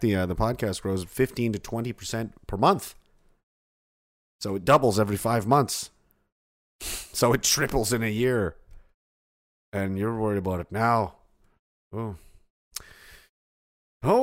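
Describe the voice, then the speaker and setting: Man, podcast host, casual livestream chat, sarcastic, profane, pitch swinging up and down. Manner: sarcastic, profane, laughing at his own jokes.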